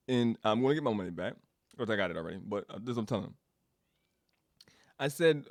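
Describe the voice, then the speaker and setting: Man, casual storytelling rant, lively swooping pitch, laughs and swears a lot, dry close sound. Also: fast, long pauses, no echo. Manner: animated, laughs often, swears, repeats himself. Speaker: game studio developer giving an update.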